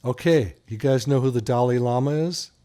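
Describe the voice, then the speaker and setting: A man's voice: medium pitch, moderate pace, dark tone. A man hosting a talk radio show, joking and telling stories in a casual, playful way. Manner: playful, joking, teasing his co-host. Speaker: radio show host, doctor.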